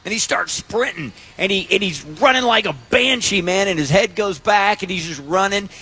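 Excitable male radio co-host. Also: high-pitched, moderate pace, husky. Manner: enthusiastic storyteller. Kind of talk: casual radio banter.

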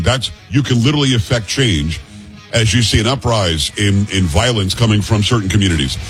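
A man hosting political talk radio, rambling and restarting his phrases. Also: fairly low pitch.

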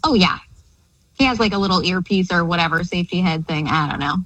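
A woman's voice: on the low side, quick pace, fairly bright tone, no echo, muffled recording. A young woman calling into a radio show, chatting casually and hesitantly, with many fillers. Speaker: caller. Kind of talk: casual phone-in chat.

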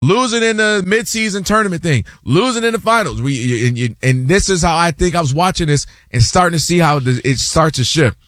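Animated man debating sports. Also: on the high side, brisk, few pauses, no room sound, studio quality. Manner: animated, acts out fans' and players' voices. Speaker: sports show host.

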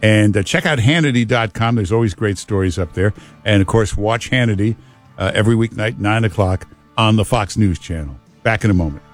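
A man's voice: on the low side, a little fast, soft background music. A man hosting a talk radio show, chatting loosely with callers and cracking jokes. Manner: chatty, repetitive, wisecracking. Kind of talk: casual talk radio chat. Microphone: studio mic.

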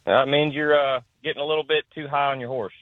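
A man's voice: medium pitch, fairly even intonation, quick pace, no room sound, phone-quality sound. A man from Florida, a guest calling in to a radio show, talking in an easygoing way. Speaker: caller, guest on the phone.

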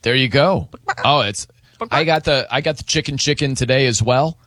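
A man's voice: medium pitch, normal speed, dry recording. A man hosting a late-night radio show in a casual, jokey chat, often acting out the people in his stories. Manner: animated, jokey, puts on voices when retelling.

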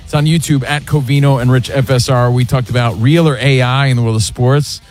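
A man's voice: medium pitch, steady tone, brisk, darkish tone, soft background music. A man hosting a sports radio show, talking casually and rambling with fillers. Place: radio studio.

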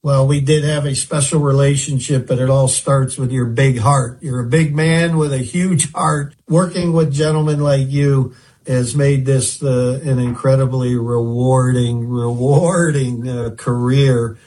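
A man hosting an interview, recapping his guest's career in a measured way. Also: medium pitch, steady tone, a little mellow. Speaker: host. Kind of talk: interview chat.

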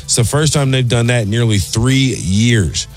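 A man reads a radio sports update in a brisk, even newsreader style. His voice sits at a middle pitch, with faint music beneath it. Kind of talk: read sports news update. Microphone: studio mic.

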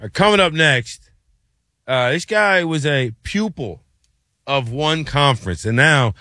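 A man hosting a sports talk show, casual and animated, who often asks "you know what I'm saying.". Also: fairly high pitch, unhurried, dry recording, clean studio sound.

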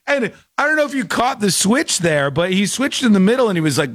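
A male co-host with a high voice that leaps up and down as he reacts in disbelief. He jokes and talks things through in a casual chat. The sound is dry and close. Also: fairly quick, few pauses, no room sound. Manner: incredulous, animated, jokey. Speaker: podcast co-host.

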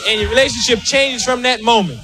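High-pitched, shouting stand-up comedian man. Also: brisk, music in the background. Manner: loud, animated, shouting punchlines. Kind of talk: stand-up routine. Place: stage before a live audience.

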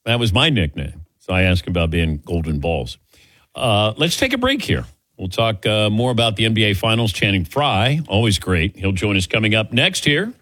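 A male sports radio host talking casually into a studio microphone, wry and self-deprecating. His pitch moves in a lively way. The sound is close and dry. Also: normal speed, no room sound.

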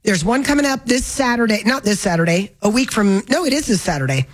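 Chatty woman radio host, mid-pitched, quick and self-correcting, casual talk style. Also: lively intonation, poor audio. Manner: brisk and chatty, corrects herself on the fly. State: hiccups.

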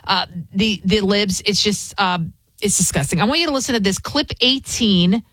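A woman's voice: mid-range voice, moderate pace, a bit bright, no room sound. Indignant ranting woman host. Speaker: commentary show host. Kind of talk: opinionated commentary.

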